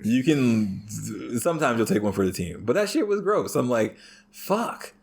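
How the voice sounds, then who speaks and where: A man chatting casually as a podcast guest, swearing heavily and telling crude stories in an animated way. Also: mid-range voice, normal speed, husky. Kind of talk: casual chat.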